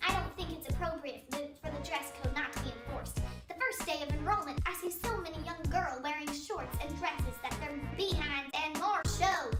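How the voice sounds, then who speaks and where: A woman's voice: high voice, brisk, hardly any pauses, pitched above the performer's own voice, lightly acted. A young woman voicing an indignant middle-aged mom with a put-on Southern accent, complaining and moralizing. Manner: stern, scolding, moralizing. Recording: echoey room, from a distance, loud music.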